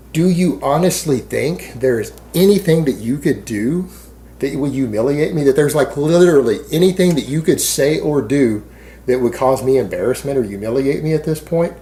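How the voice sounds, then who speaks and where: A man's voice: a little high, animated, normal speed, dark tone. A man speaking to camera in a rambling, defensive monologue, sarcastic and full of fillers. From Texas. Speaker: fitness YouTuber.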